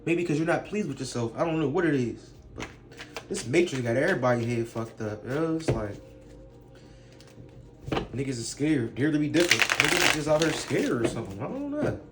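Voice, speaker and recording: A man's voice: medium pitch, lively intonation, fairly quick, over loud music. A man ranting in a casual vlog, blunt and profane, firing off rhetorical questions. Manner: blunt, profane street talk. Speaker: vlogger. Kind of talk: casual rant to camera.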